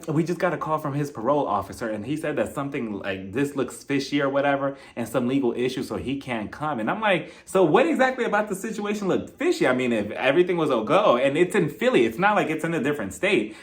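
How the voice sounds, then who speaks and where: A young man hosting a casual reality TV recap, chatty and animated, acting out the cast's lines and laughing often. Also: mid-range voice. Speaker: TV recap host.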